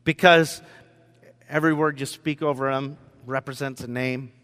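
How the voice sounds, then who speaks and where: A man pastor preaching a sermon in a room with whiteboards, telling the story in an animated way and acting out the scenes. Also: medium pitch, normal speed. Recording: long reverb in a hall.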